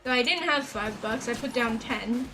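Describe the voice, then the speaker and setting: Bright and forceful at a moderate pace, this fairly high female voice belongs to a game streamer. With background game music playing, she talks casually and sarcastically with viewers, wandering between stories and sounding somewhat worn out.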